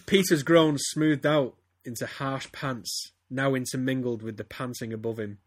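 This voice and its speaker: A man's voice: mid-range voice, fairly even intonation, normal speed, no echo, clean studio sound. Man doing a comic dramatic reading. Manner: reads theatrically, breaks into laughter. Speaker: podcast host.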